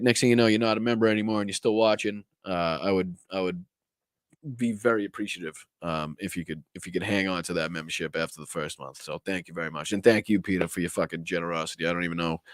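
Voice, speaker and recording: A man with a Boston accent hosts a live political stream in a swearing, sarcastic, rambling style. His voice sits fairly low and sounds close and dry, with almost no room around it. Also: dry recording. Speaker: political commentary host.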